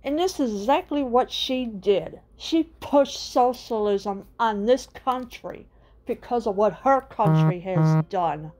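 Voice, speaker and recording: Slow, indignant woman ranting. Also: medium pitch, expressive, darkish tone. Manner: indignant, repetitive, hammering rhetorical questions. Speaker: channel host. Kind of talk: political rant to camera.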